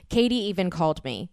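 A woman's voice: on the low side, creaky, clear, resonant tone, dry recording, studio quality. A woman hosting a casual remote chat, wry and candid, swearing casually. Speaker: podcast host. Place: at home, connected remotely.

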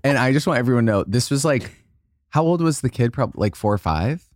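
Brief: young male co-host, campy and playful, swooping animated pitch, dry close sound. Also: brisk, no echo. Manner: campy, playful, lots of put-on quotes. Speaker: podcast co-host. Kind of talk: casual comedic chat.

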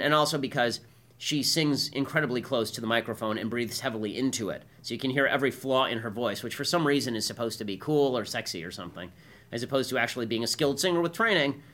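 A male commentary host races through his monologue in a bright, forceful voice. He argues point by point and keeps prodding listeners with "right?". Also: mid-range voice, animated, fast. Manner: combative, emphatic, keeps asking "right?".

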